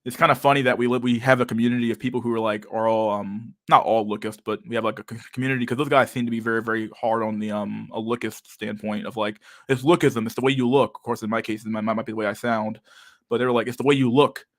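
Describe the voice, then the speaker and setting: His lowish, slightly bright voice stays level as he talks fast, a young man reading out chat on a casual livestream. A lisp, a stutter and frequent fillers mark his speech, and the recording is dry and clean, like a studio.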